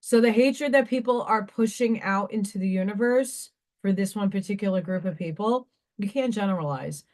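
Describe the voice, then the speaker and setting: A woman's voice: medium pitch, normal speed, a little mellow. A woman hosting a craft livestream, ranting in an emotional, repetitive way and sounding tearful. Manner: emotional, ranting, repeats herself. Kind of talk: casual live-stream monologue.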